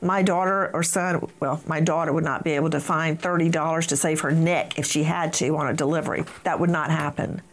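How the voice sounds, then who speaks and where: A woman's voice: deep voice, fairly even intonation, a little fast, few pauses. Indignant woman hosting a crime show. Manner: emphatic, indignant, addresses guests by name. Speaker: host.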